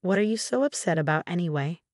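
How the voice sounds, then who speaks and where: Dismissive young husband, curt and stubborn, voiced by a woman narrator in her own low voice. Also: lively intonation, fast talker, a little mellow, no echo, studio quality, lightly acted.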